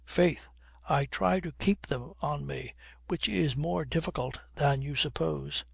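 A man's voice: on the high side, measured pace, gravelly, husky, no room sound, clean studio sound, exaggerated voice. A man voicing an impudent, brash young man who mocks everyone with old-fashioned oaths, in a storybook reading. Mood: mocking. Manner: impudent, flippant, period oaths.

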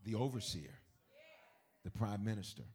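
A male preacher giving a lively, colloquial sermon, often shouting and laughing as he builds to his points. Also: lowish voice, moderate pace.

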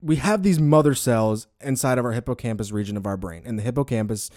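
A man hosting a relaxed podcast, his voice at a middle pitch and recorded close and dry. He talks loosely, laughs often and stumbles over long science words. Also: fast, dry recording. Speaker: podcast host. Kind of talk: casual podcast chat.

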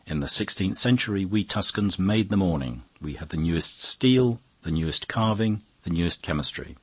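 A man's voice: deep voice, lively intonation, normal speed, husky, no room sound. A man voicing a grave young Italian futurist who talks with earnest, declaiming conviction.

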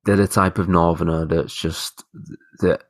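A man's voice: sits low, little pitch movement, unhurried, dry recording. A man, telling a rambling, sweary anecdote in casual chat as a podcast co-host. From northern England. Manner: rambling storyteller, swears, mimics people in his stories.

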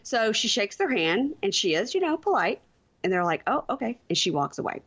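A woman co-hosting a podcast, recapping a show in an animated, storytelling way. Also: mid-range voice, fairly quick, highs cut off. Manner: animated storytelling, acting out quotes. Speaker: podcast co-host. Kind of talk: casual chat recapping a reality show.

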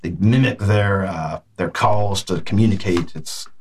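Hesitant low-voiced male game master. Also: background noise. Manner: halting, filler-heavy narration. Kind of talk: narrating a tabletop game.

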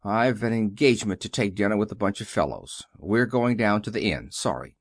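A man reading the part of a sullen, defiant teenage boy who talks low and grudgingly. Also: lively intonation, brisk, dry recording, clean studio sound.

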